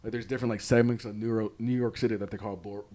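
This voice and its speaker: A man's voice: fairly low pitch, steady tone, fast, mellow. Rambling young man co-hosting a podcast. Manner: rambling, many fillers and restarts. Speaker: podcast co-host. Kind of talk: casual chat.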